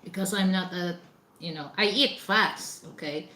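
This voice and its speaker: Slow-talking woman, chatty vlogger. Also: lowish voice, sharp tone, echoey room. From Philippines. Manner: chatty, lots of fillers, laughs while eating. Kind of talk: casual chat while eating.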